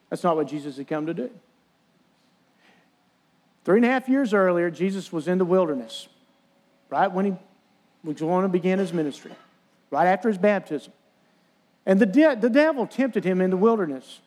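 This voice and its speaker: Earnest male preacher, higher voice, retells scripture and voices the mockers. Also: animated, moderate pace, a little mellow. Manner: earnest preaching, quoting scripture, acting out taunts. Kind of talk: sermon.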